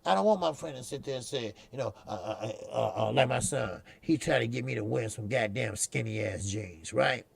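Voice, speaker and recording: A man's voice: mid-range voice, expressive, fairly quick, creaky, hardly any pauses, no room sound. A man hosting a boxing talk stream, rambling and profane, repeating himself as he talks. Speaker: boxing show host. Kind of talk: casual live-stream commentary.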